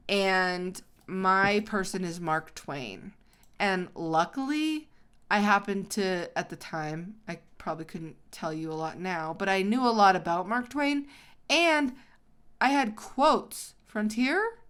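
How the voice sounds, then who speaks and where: While playing through a game on her video, a female host tells a story casually, interrupting herself with excited outbursts. She has a mid-range voice with a clean tone.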